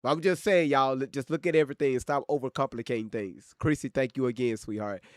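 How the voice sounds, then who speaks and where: A man hosting a livestream, teasing his chat in a loud, profane, joking way. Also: mid-range voice, steady tone, quick pace, no room sound, studio quality. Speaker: livestream host reading chat. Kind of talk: casual livestream commentary.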